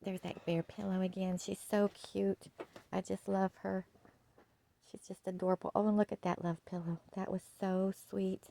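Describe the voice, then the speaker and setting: A woman chatting casually through a home decor haul, gushing and soft-spoken, often dropping to a hush. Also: medium pitch, level tone, normal speed, gravelly, rough recording. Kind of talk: casual shopping haul chat.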